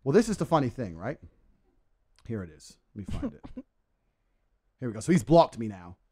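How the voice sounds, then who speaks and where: A man from England telling a story on a podcast, boastful and animated, laughing often. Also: medium pitch, moderate pace, a crowd in the background. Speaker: guest.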